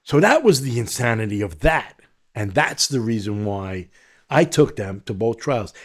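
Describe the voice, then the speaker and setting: Speaking at a moderate pace in a voice on the low side, a New Yorker guesting on a podcast recounts his life. He tells it with animation, performing what others said.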